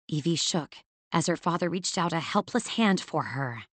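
Female audiobook narrator, low-set voice, measured dramatic reading, dry studio sound. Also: fairly bright tone, no room sound. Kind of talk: scripted fantasy narration.

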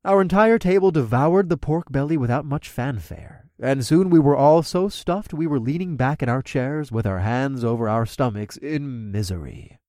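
A male narrator reads a first-person fantasy audiobook in an animated, swooping, lively style at normal speed. His pitch is ordinary for a man, and he's recorded close on a studio mic in a dry, dead space with no room sound.

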